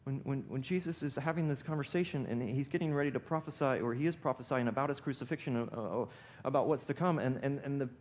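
A man preaching a sermon, building to loud emphatic peaks and often restarting his words. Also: fast, hardly any pauses. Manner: emphatic preaching with swells in volume and pitch; frequent restarts and repeated words. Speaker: pastor.

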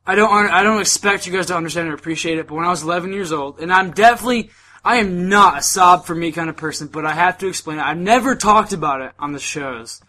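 Young male podcast host, slightly high, bright tone, halting and emotional delivery. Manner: earnest, halting, many fillers. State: emotional, holding back tears. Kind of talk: casual chat.

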